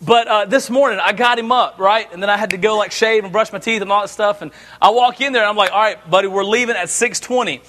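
A middle-aged man preaching a sermon, telling jokes and family stories with an animated delivery. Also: sits high, fast, few pauses. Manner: animated, joking storyteller. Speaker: pastor.

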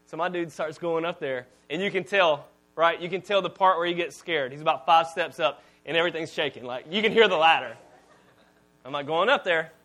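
A pastor with a notably high voice delivers a sermon in a relaxed, conversational way. He tells stories and swings from loud, punchy lines down to quiet asides. He sounds like a man in his thirties. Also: brisk. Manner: conversational, storytelling preacher with swings in volume.

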